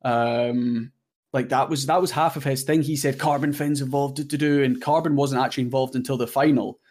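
A man's voice: medium pitch, steady tone, a little fast, a little mellow. A man in his twenties, a guest content creator chatting casually in an interview, rambling and self-deprecating with lots of fillers.

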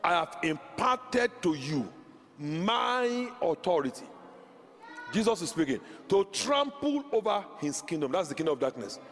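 Man preacher, very high bright voice, shouting with fervor, call-and-response, long hall echo. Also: sing-song, unhurried, faint music behind. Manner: fervent, shouting, repeats declarations for the congregation. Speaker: pastor. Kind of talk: charismatic sermon with tongues and call-and-response. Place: large church sanctuary. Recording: reverberant church hall.

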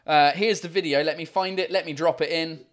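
A man hosting a casual live show from home on a microphone, chatty and rambling with lots of fillers, excitable and casually swearing. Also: on the high side, fairly quick. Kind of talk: casual chat.

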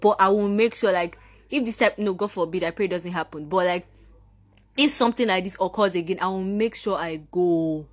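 A woman's voice: on the low side, fairly quick. Indignant Nigerian teenage girl ranting. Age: teens. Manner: indignant, ranting, mimics others mockingly. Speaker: podcaster. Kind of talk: impassioned monologue.

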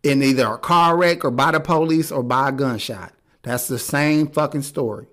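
A man's voice: medium pitch, normal speed, a bit bright. A man hosting a podcast, talking in a casual, blunt and profane way with strong opinions. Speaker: podcast host. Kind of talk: casual chat.

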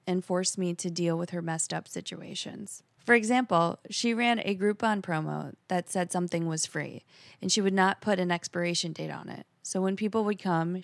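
Low-voiced woman, crude casual banter. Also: gravelly, no room sound. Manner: crude, teasing banter, reads a listener's email aloud. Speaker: podcast co-host. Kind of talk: casual chat.

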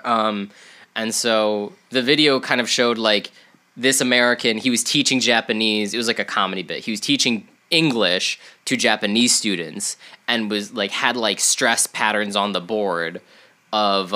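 A man's voice: fairly low pitch, sharp tone. Stuffy-nosed young man chatting. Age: young adult. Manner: rambling, many "like"s and restarts. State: stuffy nose. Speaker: podcast co-host. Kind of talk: casual chat.

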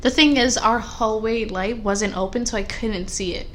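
A young woman co-hosting a podcast in casual chat, telling animated, rambling stories full of fillers. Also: a little high, normal speed, slight background noise. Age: young adult. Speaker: podcast co-host.

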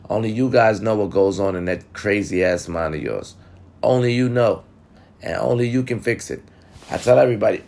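A man's voice: fairly low pitch, gravelly, darkish tone. A man talking to viewers in a blunt, profane, casual monologue, giving relationship advice. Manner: blunt, profane and talkative, addressing viewers directly.

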